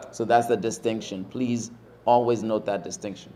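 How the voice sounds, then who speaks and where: A man teaching Arabic letters in a mosque class, calling out each letter loudly several times and then explaining it. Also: fairly low pitch, moderate pace, a little hiss or hum. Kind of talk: slow letter-by-letter teaching drill.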